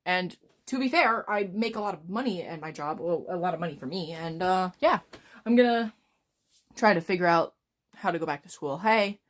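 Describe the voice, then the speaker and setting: Twenties woman streamer, fast, rambling, profane, fairly low-pitched. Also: lively intonation. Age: 20s. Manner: rambling, swears a lot, talks fast. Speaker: livestreamer. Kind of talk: casual live stream chat.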